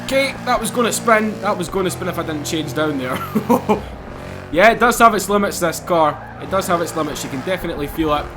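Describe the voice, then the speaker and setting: A man giving excitable, laughing gameplay commentary as he drives in a racing game. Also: sits high, fairly quick, over music. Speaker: gaming YouTuber.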